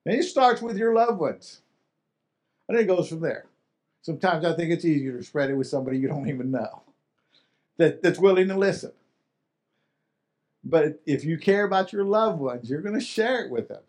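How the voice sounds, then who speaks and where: A man with a high voice preaches a sermon, talking to his listeners as if in conversation. He restarts and repeats his words and asks them questions. His volume swings between quiet and loud to drive his points home. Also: expressive, normal speed, pauses often. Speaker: pastor.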